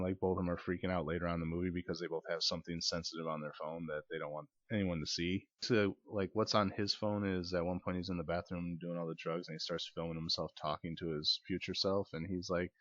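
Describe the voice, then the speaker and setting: Male reviewer, very low voice, dry dull-sounding mic; loose rambling plot recap. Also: little pitch movement, fast, fairly bright tone, no room sound. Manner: rambling, filler-heavy retelling with quoted asides. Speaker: podcast movie reviewer. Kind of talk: casual movie recap.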